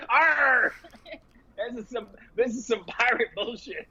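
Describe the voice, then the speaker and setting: Casual co-host: man with a high, bright voice, swearing and rambling through a dull lo-fi recording. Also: moderate pace, husky. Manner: profane, rambling, laughing ranter. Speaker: podcast co-host. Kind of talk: casual movie chat.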